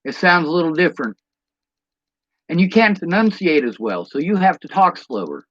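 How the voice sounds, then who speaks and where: A man's voice: on the high side, very animated, normal speed, a bit bright, dry recording, highs cut off. A man delivering a blunt, profane rant as a monologue to camera, throwing out rhetorical questions. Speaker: vlogger.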